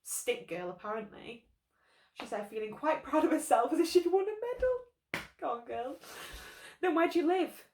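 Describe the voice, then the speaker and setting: A woman's voice: sits high, sing-song, normal speed, a little mellow, a little hiss or hum. A young woman vlogger reading her old story aloud, breaking off for sarcastic, sweary comic asides. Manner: sarcastic, sweary running commentary. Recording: roomy echo.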